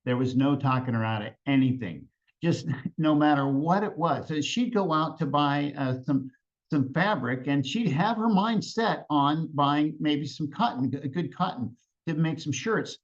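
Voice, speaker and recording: Halting man telling a tall tale. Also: a little high, lively intonation. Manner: halting, repeats words, chuckles between lines. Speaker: storyteller. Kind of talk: live storytelling. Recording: lo-fi event recording.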